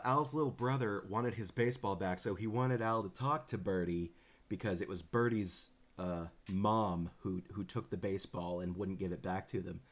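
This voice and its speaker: A man in casual chat recapping a film, rambling a bit, laughing and acting out quoted lines. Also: mid-range voice.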